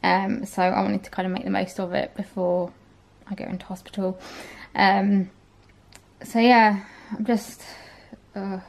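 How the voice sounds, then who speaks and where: A woman's voice: mid-range voice, level tone, a little slow. A young woman vlogging in a casual chat, tired and sluggish, rambling with lots of ums and likes.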